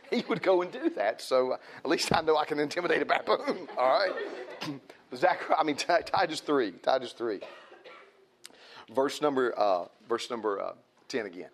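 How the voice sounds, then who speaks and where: A man's voice: on the high side, expressive, moderate pace. A man preaching a sermon in a folksy, repetitive way, building emphasis.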